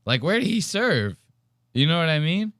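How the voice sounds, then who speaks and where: A man's voice: a little high, big pitch swings, normal speed, a bit bright, no echo, clean studio sound. A young man hosting a podcast, reacting to a video in a rambling, profane and incredulous way. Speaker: podcast host. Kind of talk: casual commentary reacting to a video.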